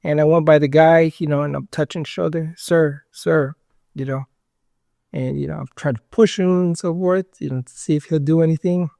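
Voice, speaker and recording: A man's voice: a little high, fairly even intonation, normal speed, creaky, mellow, no echo, studio quality. A man being interviewed, telling a story casually in a rambling way, with lots of fillers and acted-out quotes. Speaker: interview guest.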